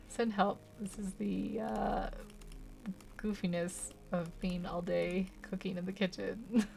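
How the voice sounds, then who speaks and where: A woman's voice: mid-range voice, little pitch movement, takes it slowly, creaky, darkish tone. A woman chatting casually while she draws, giggly and rambling, tired from a long day without sleep. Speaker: art channel host. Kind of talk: casual drawing commentary.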